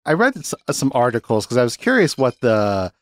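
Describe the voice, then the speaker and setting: A man's voice: mid-range voice, big pitch swings, brisk, slight background noise. A man co-hosting a podcast in casual chat who laughs often and puts on voices when he quotes people. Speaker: podcast co-host.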